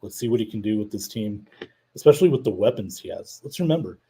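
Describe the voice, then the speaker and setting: Guy hosting a live stream, low mellow husky voice, laid-back and chatty. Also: lively intonation, quick pace, rough recording. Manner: chatty, reads viewer comments aloud. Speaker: podcast host. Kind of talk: casual live-stream chat.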